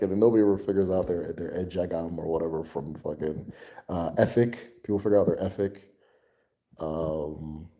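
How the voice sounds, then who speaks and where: A man with a lowish, mellow voice hosts a casual livestream Q&A, answering viewers off the cuff. He rambles loosely, drops swear words and chuckles between points. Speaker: host answering viewer questions.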